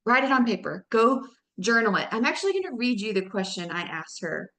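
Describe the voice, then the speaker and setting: Woman, 30s, team leader; energetic motivational coaching talk, pitch leaps when excited, recorded in an echoey room. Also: fairly quick. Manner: energetic, addresses the audience as y'all, pitch jumps up when excited. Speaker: network marketing team leader.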